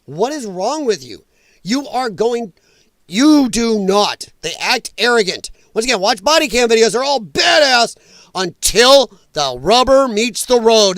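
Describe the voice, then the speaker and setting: A man's voice: very high voice, big pitch swings, a little slow, a bit bright, no room sound, studio quality. A man hosting a commentary show, reacting to clips in an emphatic, repetitive, angry rant.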